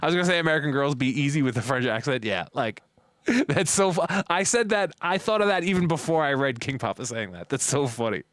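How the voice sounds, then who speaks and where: A man's voice: medium pitch, expressive, a little fast, fairly bright tone, no room sound. Joking Canadian streamer guy. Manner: rambling, joking and swearing. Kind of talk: casual live-stream chat.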